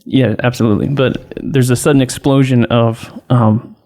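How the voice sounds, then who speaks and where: A man's voice: medium pitch, steady tone, moderate pace, mellow. A man hosting a podcast, chatting casually in loose, rambling phrasing and chuckling often. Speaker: podcast host.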